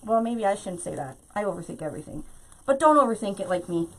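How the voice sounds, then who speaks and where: A woman's voice: medium pitch, expressive, fast, noisy background. A woman hosting a live craft tutorial, chatting to her viewers directly and laughing often.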